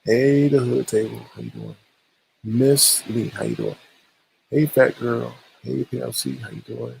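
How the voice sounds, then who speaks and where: A livestream host, a man, chats casually and greets his viewers one by one. His voice goes through a swooshing voice modulator and carries a strong gravelly fry. A faint hiss sits under it. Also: mid-range voice, expressive, a little slow, darkish tone, poor audio. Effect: voice modulator with a swooshing sound.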